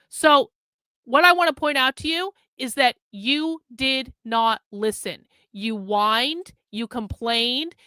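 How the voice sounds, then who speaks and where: A woman's voice: fairly high pitch, bright, forceful tone, no echo. A woman hosting a livestream, bluntly scolding viewers in the chat with heavy profanity. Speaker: livestream host.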